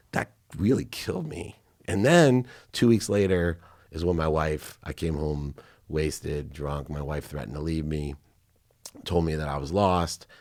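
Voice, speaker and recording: Deep-voiced man telling a candid story. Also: darkish tone, no echo, clean studio sound. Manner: emotional, choking up at times. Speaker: podcast guest.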